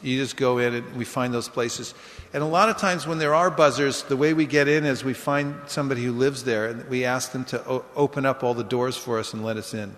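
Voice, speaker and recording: A man giving an informal class, telling lively anecdotes and acting out the people in them. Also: mid-range voice, a little fast. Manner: animated storyteller, acts out voices in quotes. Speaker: book distribution speaker. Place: temple hall. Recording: echoey hall.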